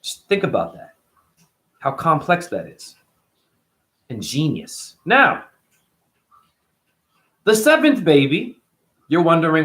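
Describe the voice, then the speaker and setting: A man hosting a casual spiritual monologue, animated and profane, full of rhetorical questions. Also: a little high, slow pace, long pauses. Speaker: host.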